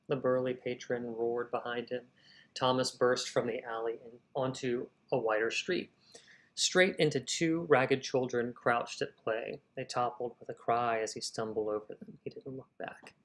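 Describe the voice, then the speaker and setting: A man's voice: medium pitch, fairly even intonation, unhurried, rough recording. Man reading his own draft aloud. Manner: reads prose, then stops to rethink and edit wording aloud; talks to himself while editing. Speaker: fiction writer. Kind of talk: reading a draft novel aloud during a live writing session.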